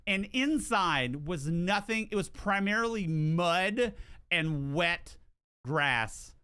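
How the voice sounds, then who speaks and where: A male streamer chats casually while he plays, his voice swinging up and down with lots of life. The tone is bright and a little high. He swears freely and trips over his own words as he talks. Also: slow pace, clean tone. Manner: animated, swears, restarts and repeats words. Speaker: game streamer. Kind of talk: casual livestream storytelling.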